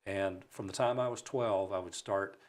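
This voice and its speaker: Guest spot: man from Alabama, lowish voice, animated self-mocking storyteller in a studio. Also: moderate pace. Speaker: broadcaster guest. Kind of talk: storytelling in a talk show interview. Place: radio studio.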